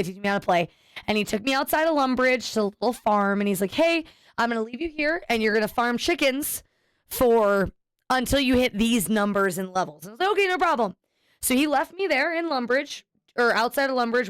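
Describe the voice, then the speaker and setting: A woman's voice: mid-range voice, clean tone, no echo, studio quality. A woman streamer chatting casually with viewers, rambling and cutting herself off mid-sentence as she tells a story. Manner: rambling, self-interrupting storyteller.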